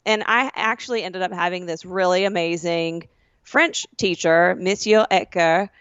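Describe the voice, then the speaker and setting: A woman's voice: fairly low pitch, moderate pace, fairly bright tone, clean tone, dry recording, lo-fi sound. A woman co-hosting a podcast, telling a rambling school story in casual chat and correcting herself as she goes. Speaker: podcast co-host.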